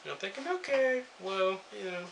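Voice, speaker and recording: A man's voice: high-pitched, lively intonation, normal speed, vocal fry, a little hiss or hum. A young man reviewing a wrestling show in a casual rant, sarcastic and swearing freely as he jumps between topics.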